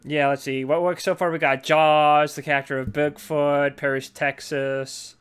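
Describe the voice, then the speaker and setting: A man's voice: a little high, unhurried, clean tone. A man co-hosting a casual movie podcast, swearing often and mocking characters in put-on voices. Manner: profane, animated, acts out characters in mocking voices. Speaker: podcast co-host.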